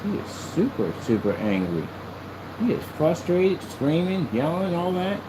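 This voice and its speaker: Man vlogging, boastful and taunting, lively swooping pitch, a bit high, faint noise behind. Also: measured pace, pauses often. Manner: boastful, mocking, repetitive, excitable. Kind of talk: taunting vlog talk to camera.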